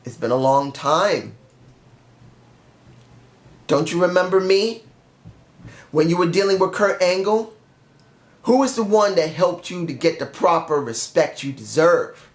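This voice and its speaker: A man voicing a menacing veteran male wrestler who taunts with slow, goading questions. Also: a little high, animated. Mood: taunting. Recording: roomy echo.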